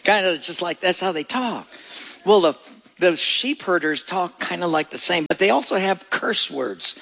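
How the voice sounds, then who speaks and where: A man's voice: high-pitched, expressive, moderate pace, vocal fry, sharp tone. A man preaching a sermon as pastor, telling stories and acting out little scenes. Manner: storytelling preacher who acts out voices and jokes.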